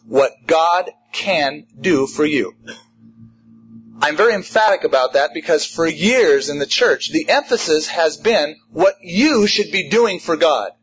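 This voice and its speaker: A man preaching a sermon in an emphatic, animated way, driving home a repeated refrain. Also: on the high side, muffled recording, slight background noise. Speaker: pastor.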